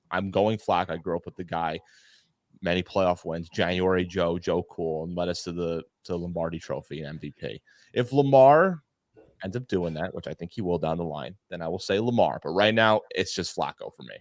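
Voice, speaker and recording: A man as a guest superfan on a casual podcast, talking in animated, excitable bursts with lots of repeats. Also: deep voice, no room sound.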